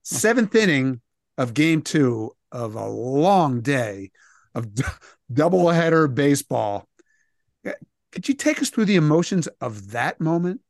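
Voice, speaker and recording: A man hosting a talk-radio interview, his voice a little higher than most men's. He is playful and jokey, often laughing as he sets up questions. The sound is dry and close. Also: big pitch swings, unhurried, no echo. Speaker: radio show host.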